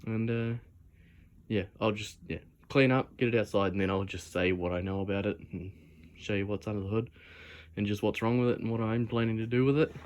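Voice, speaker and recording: Filming on his phone in a garage, a young man vlogs in a loose, rambling way, cursing often. He speaks briskly in a lowish, slightly mellow voice with fairly even intonation.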